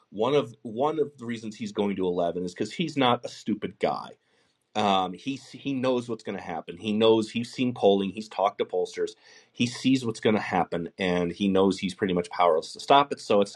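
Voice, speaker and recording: A man with a somewhat low voice runs a live call-in show. He talks bluntly and swears freely. His points ramble along with restarts and asides. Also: slightly rough. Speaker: podcast host. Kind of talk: casual political commentary.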